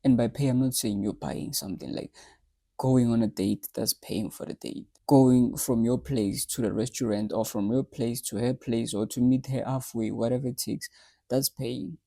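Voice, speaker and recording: A man's voice: mid-range voice, normal speed, gravelly, warm tone, dry recording. A man hosting a reaction video, giving blunt, lecturing commentary.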